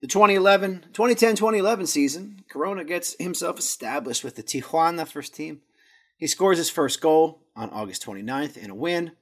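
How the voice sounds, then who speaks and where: A podcast host with a fairly high pitch, lively intonation, and brisk delivery runs casually through a footballer's career stats. He trips over Spanish words and pokes fun at himself.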